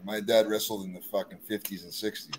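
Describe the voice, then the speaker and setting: A man's voice: lowish voice, steady tone, fairly quick, breathy edge. A man hosting a casual chat, laid-back and asking his guest questions. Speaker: host.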